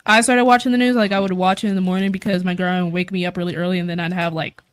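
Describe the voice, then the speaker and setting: A teenage girl, a high school student guest, chatting casually with a rambling, filler-heavy way of talking. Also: level tone, smooth, no room sound. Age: teens. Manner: rambling, quick, lots of fillers. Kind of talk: casual chat.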